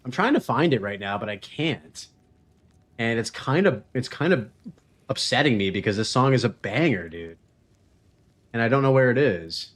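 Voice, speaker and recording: A man's voice: medium pitch, lively intonation, normal speed. A man streaming a video game, chatting casually, joking and laughing often as he reads chat messages aloud.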